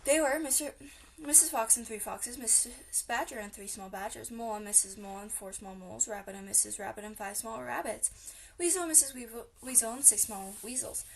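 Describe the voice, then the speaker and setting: A woman narrating a children's storybook in a lively, expressive reading. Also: a little high, a little fast, gravelly, a little hiss or hum. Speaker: audiobook reader.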